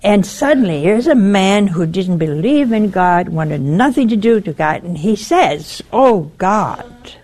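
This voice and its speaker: A mellow, mid-range woman's voice with lively intonation moves a little slowly yet barely pauses. She's on a broadcast network giving an informal religious talk, warning listeners earnestly and going through a story step by step.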